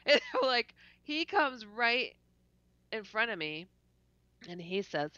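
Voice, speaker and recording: A woman's voice: medium pitch, unhurried, sharp tone, clean tone, no room sound. A woman guest telling a story animatedly. She laughs often, stutters and acts out her own reactions, heard through dull lo-fi call audio. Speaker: podcast guest. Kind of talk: casual storytelling in an interview.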